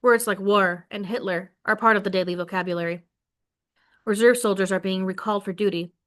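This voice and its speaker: Brief: woman teacher, expressive read-aloud of a novel to a class, then plain questions for the students. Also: medium pitch, fairly quick. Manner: expressive read-aloud, voicing quoted lines with more force.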